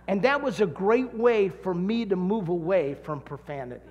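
A man preaching a sermon, telling stories with dramatic shouts and drawn-out emphasis. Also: sits high, animated, in a large hall. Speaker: pastor.

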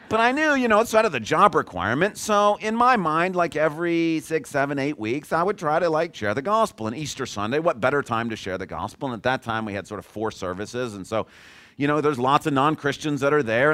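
A middle-aged pastor tells a personal story during his sermon, conversational and self-deprecating. His voice is fairly low and a bit bright, with no room sound.

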